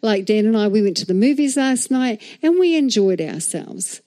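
A middle-aged woman pastor preaching a sermon in a church, animated and chatty, constantly checking in with "all right?" and "amen?". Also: medium pitch, normal speed.

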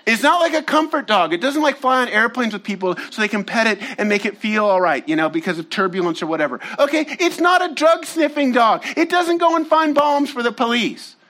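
A man's voice: very high-pitched, lively intonation, fairly quick, hardly any pauses, bright, forceful tone. A man preaching as a pastor, telling a casual story with slangy asides to his congregation before turning to his teaching. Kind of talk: sermon.

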